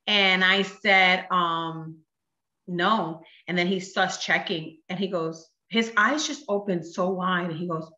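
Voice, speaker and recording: A woman in her thirties tells her story with lively energy, acting out every exchange in quoted voices. Her voice is bright and forceful. The recording sounds dull and roomy, with a noticeable echo. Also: on the low side, slow pace. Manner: animated, acts out dialogue in quoted voices. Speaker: guest sharing a testimony. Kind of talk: emotional personal storytelling.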